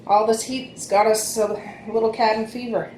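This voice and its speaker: Chatty mom in echoey room. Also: female voice, a little high, little pitch movement, moderate pace, a little mellow, a little hiss or hum. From Nova Scotia, Canada. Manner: rambling, chatty, restarts phrases. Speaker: vlog host and mother. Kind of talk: casual chat to camera. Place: home, indoors, with small children around.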